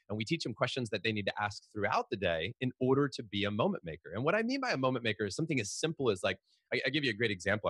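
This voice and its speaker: Middle-aged male guest, quick animated storyteller, dry close sound. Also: fairly low pitch, breathy edge, dry recording. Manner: fast, animated storytelling with frequent restarts. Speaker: guest, author. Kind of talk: storytelling in a podcast interview.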